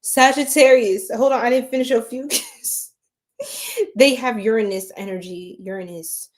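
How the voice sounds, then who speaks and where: A woman's voice: on the high side, moderate pace. A woman reading tarot on a late-night livestream, chatting with viewers in a giggly, scattered and tired way.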